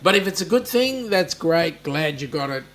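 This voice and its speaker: A man's voice: a little high, expressive, normal speed, fairly bright tone, a little hiss or hum. An Australian man hosting a casual live-stream chat, reading out viewers' comments and answering them with plenty of ums and a friendly matey manner. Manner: chatty, addresses viewers by name, many ums.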